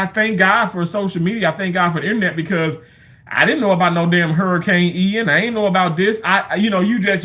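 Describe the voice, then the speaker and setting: A man's voice: high-pitched, bright, forceful tone. Rambling man on a casual livestream. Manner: rambling, chatty storytelling, swears freely.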